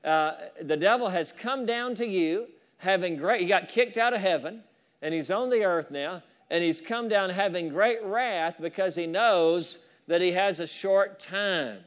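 High-voiced fervent male preacher. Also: a little slow. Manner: fervent preaching with rising shouts of praise and asides to the congregation. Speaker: pastor. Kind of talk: sermon.

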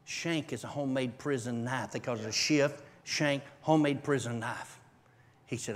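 A man preaching a testimony to a church congregation, telling his story in an animated way with bursts of shouting and laughter. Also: mid-range voice, normal speed. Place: church service.

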